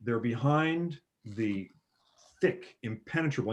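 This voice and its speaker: A man in casual chat, retelling movie scenes with animated bursts of excitement. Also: mid-range voice, normal speed. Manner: animated storyteller, acts out film scenes with sudden loud bursts. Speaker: podcast guest.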